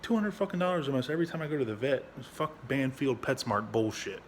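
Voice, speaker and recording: A man's voice: expressive, fast talker, a little hiss or hum. Blunt, profane man rambling at home. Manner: high baby-talk voice when speaking to his dog. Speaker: veteran vlogger. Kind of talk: casual rambling vlog. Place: at home with his dog.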